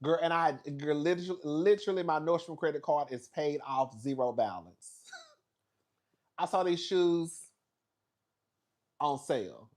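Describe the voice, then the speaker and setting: A man's voice: on the high side, a little slow, pauses often. A man hosting a casual, profane gossip recap of a reality show, telling stories with sass and frequent laughter. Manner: sassy, animated storytelling with profanity and dramatic asides; laughs often.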